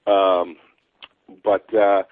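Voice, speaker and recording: A man's voice: sits low, level tone, extremely slow, dry recording. A man with an American accent, a comic book writer talking as a guest in a casual interview, rambling with many fillers and restarts. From United States. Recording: tinny phone line.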